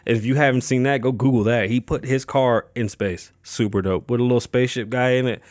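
A man's voice: medium pitch, fairly even intonation, brisk, a little mellow, no room sound, clean studio sound. A young man from Las Vegas hosting his own podcast, chatting casually and loosely, swearing freely and rambling with lots of fillers and restarts. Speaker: podcast host. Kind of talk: casual solo podcast chat.

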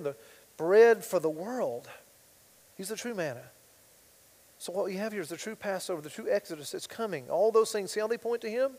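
High-voiced man preaching in a reverberant hall. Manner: preaching with swings from loud emphasis to quiet asides. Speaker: pastor. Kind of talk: sermon.

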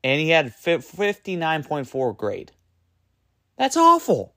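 A man hosting his own sports podcast, ranting in an exasperated, emphatic way, full of rhetorical questions and quick self-corrections. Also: fairly high pitch, animated, fairly bright tone, dry recording, studio quality. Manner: loose and rambling, trips over words and self-corrects. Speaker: podcast host. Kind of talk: solo sports podcast rant.

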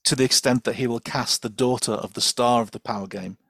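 A man's voice: mid-range voice, steady tone, brisk, vocal fry, a bit bright, dry recording. A man speaking as a guest expert in a casual podcast chat, chatty and enthusiastic, with lots of fillers and laughter.

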